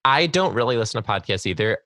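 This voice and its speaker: A man's voice: medium pitch, animated, quick pace, bright, forceful tone, no room sound, studio quality. A man hosting a casual chat, reacting bluntly and teasing his guest.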